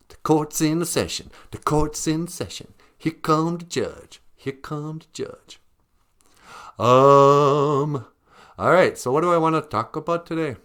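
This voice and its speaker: A man's voice: mid-range voice, a bit bright. A man hosting a podcast in a casual comedic monologue, sardonic and laughing at his own jokes. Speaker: podcast host.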